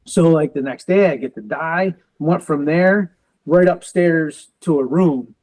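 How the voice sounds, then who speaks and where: Guest, male, 40s, veteran and police officer, slightly high voice, storyteller who acts out both sides of conversations. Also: darkish tone, poor audio. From United States. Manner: quotes others in quick back-and-forth, uses car comparisons. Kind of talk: animated personal storytelling.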